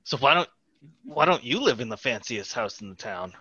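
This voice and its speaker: A man's voice: mid-range voice, sing-song, normal speed, pushed and bright. A man playing a tabletop game, speaking in a laid-back way and often laughing. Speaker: player. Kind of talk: in-character tabletop play. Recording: dull lo-fi mic.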